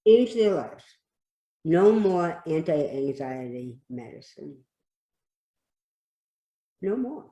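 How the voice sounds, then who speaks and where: Woman, podcast guest, emphatic, repeats phrases, mellow warm tone, echoey room. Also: sits low, lively intonation, very slow, long pauses. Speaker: guest expert. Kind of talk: podcast conversation.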